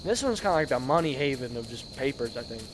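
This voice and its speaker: A man with a worn, hoarse voice giving excitable, slangy gameplay commentary, yelling at scares and muttering between them. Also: medium pitch, fast talker, noisy background. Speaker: gaming video creator.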